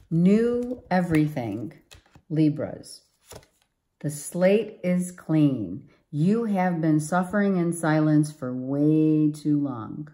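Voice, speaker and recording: A woman's voice: low-pitched, animated, takes it slowly, mellow. A woman giving a tarot reading to viewers, emphatic and exclaiming, often repeating herself. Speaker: tarot reader.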